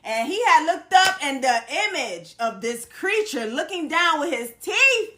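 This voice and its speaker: Lively high-voiced woman chatting. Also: a little slow, very noisy. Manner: animated, laughing, acts out characters' lines. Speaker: podcast co-host. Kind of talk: casual chat recapping a TV series.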